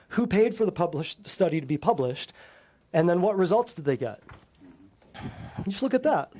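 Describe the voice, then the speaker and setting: Man, high-pitched voice, blunt combative lecture, rhetorical questions, health show host. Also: a little mellow. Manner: emphatic, fires rhetorical questions at listeners. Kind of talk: lecture to a live audience.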